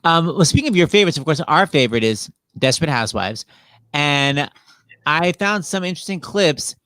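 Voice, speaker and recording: Man, playful stream host, lively swooping voice, dry sound. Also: on the high side, fairly quick, no room sound. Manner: playful, animated. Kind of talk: casual chat on a video stream.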